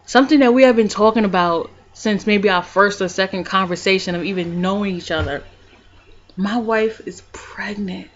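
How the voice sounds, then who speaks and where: Woman vlogger, mid pitch, talks quiet then gets super animated acting out the story, kinda muffled home video sound. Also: brisk, hardly any pauses. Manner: animated, reenacts scenes; calm and soft-spoken in reflective parts. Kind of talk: personal storytelling vlog.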